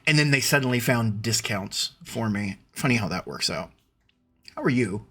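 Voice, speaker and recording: A man's voice: medium pitch, animated, moderate pace, a bit bright, slightly rough. A man hosting a casual live stream, rambling and restarting his sentences as he greets viewers by name. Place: at home computer.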